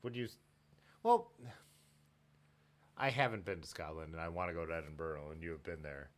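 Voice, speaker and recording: Deep male host, very expressive intonation, chatty and easily excited. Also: fairly quick. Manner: excitable, laughs often, jumps between topics. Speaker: livestream host. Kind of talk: casual live-stream chat.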